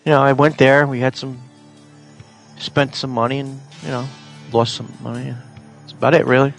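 A man's voice: medium pitch, level tone, moderate pace, creaky, soft background music. A man in casual chat, asking wry, teasing questions.

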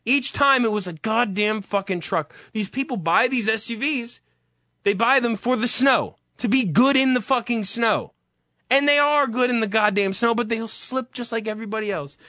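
A man's voice: extremely high pitch, moderate pace, sharp tone, no room sound, studio quality. Exasperated man in a profane rant. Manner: exasperated, heavy swearing.

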